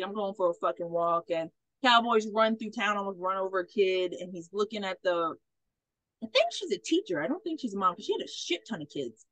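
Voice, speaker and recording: A woman hosting a podcast, recapping a movie in a casual, rambling way with plenty of swearing and quick impressions. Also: medium pitch, a bit bright, dry recording, rough recording. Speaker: podcast host.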